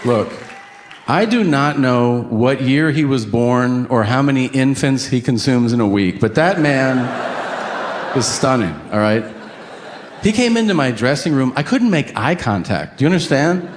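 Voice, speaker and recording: A man doing profane, animated stand-up comedy, acting out quotes as he tells his stories. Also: mid-range voice, unhurried, a faint crowd, slight background noise.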